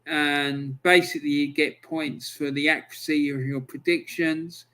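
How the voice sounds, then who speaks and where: A man's voice: on the high side, fairly even intonation, measured pace, few pauses, sharp tone. A man hosting his own football review channel, talking alone in a chatty, exasperated, bantering way. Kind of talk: solo football review talk.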